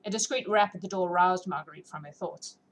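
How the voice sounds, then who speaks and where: A woman's voice: on the low side, a little fast. A woman reading a novel aloud and then chatting casually with listeners, her voice sore and a bit scratchy. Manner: relaxed and chatty. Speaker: audiobook reader and streamer.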